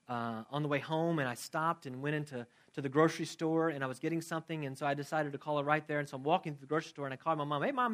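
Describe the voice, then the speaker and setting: Conversational pastor preaching, loud to soft. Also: male voice, fairly high pitch. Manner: conversational, asks the congregation questions; swings from loud emphasis to soft, quiet prayer. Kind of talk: sermon with closing prayer.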